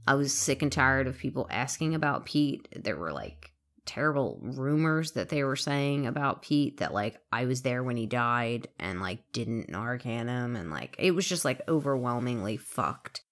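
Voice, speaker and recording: A woman frankly telling her own story, halting and candid, with occasional swearing. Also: extremely low pitch, animated. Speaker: interviewee in recovery. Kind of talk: emotional personal storytelling.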